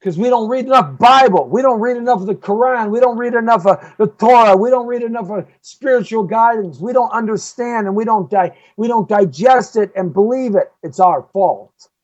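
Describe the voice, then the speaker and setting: A man rants through a heated opinion monologue as a live show host. He jumps from loud, mocking outbursts to low, grumbling asides. The audio is dull and lo-fi. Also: moderate pace, few pauses. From United States. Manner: ranting, swings between loud outbursts and low muttering.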